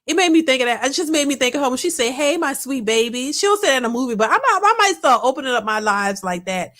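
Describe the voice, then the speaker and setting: A woman's voice: high-pitched, sing-song, racing, a bit bright. Chatty rambling woman livestream host. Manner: rambling, talks to viewers as y'all, reads super chats. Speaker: reaction channel host. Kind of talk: casual livestream chat.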